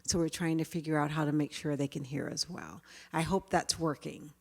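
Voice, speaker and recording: Lively woman presenter in a hall. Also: low voice, a little fast, creaky. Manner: lively, engaging the audience. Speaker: workshop presenter. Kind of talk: interactive talk. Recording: hall reverb.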